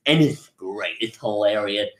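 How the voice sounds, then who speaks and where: Rambling, excitable man in an echoey room. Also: lowish voice, measured pace. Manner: rambling, excitable, lots of restarts. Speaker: anime video reviewer. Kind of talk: casual live review.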